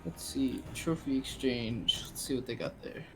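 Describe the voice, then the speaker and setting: A man's voice: medium pitch, unhurried, vocal fry, music in the background. A man in casual gaming chat, talking about his game in a tired, self-deprecating way. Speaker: gaming streamer.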